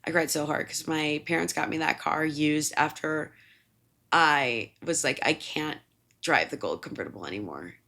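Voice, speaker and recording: A woman's voice: sits low, moderate pace, bright, forceful tone. A young woman hosting a podcast, telling rambling, profane, self-mocking stories in a casual monologue full of fillers. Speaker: podcast host.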